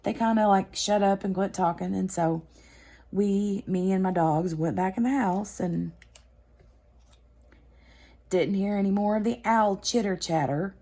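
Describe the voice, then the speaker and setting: Woman host, relaxed craft-chat tone, unhurried, rambling storyteller. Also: medium pitch. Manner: rambling storyteller, many fillers and restarts. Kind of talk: casual chat while crafting.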